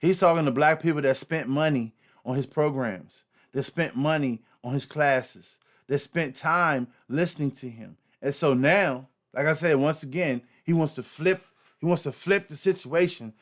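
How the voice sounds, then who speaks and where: A man's voice: a little high, normal speed. Man hosting an emphatic reaction commentary. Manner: emphatic, repetitive, profane, fillers. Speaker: host.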